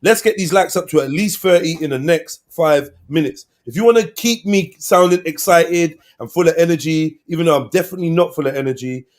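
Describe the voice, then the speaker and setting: A man, hosting a live stream and chatting casually with slang and shout-outs to viewers. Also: a little high, fairly quick, hardly any pauses. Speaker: livestream host.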